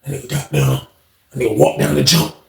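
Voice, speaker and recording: A man telling a story casually, with an animated delivery that swings from loud bursts to hushed, low tones. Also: a little fast, vocal fry. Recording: roomy echo.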